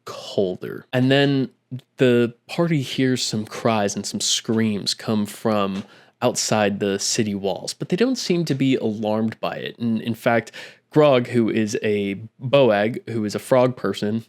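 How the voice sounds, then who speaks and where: A man's voice: fairly low pitch, slow pace. A man who ran a tabletop game, chattily retelling the session into his own microphone and acting out what the players said. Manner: chatty, acts out quotes with frequent "I'm like". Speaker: game master. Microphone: own microphone at a desk.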